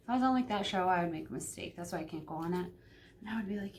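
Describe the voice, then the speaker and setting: A woman talking casually in a home vlog, chatty and hesitant with frequent ums, sometimes dropping to a hush. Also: fairly low pitch, animated, rapid-fire, a little hiss or hum. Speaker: vlogger.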